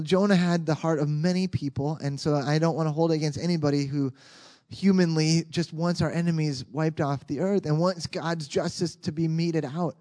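A man preaching a sermon as a pastor in a conversational, animated way with frequent restarts. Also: on the high side.

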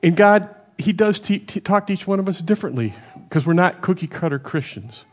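A middle-aged man delivers a sermon in a loose, conversational manner. He keeps checking in with his listeners and swings between loud emphatic stretches and quiet, low asides. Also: expressive, fairly quick. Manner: varies loudness a lot, rising for emphasis and dropping low. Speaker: preacher.

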